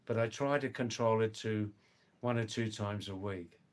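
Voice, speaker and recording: A man with a lowish voice and moderate pace hosts a casual indoor livestream during a power cut. He chats with viewers and reads their comments, greeting them by name and laughing frequently.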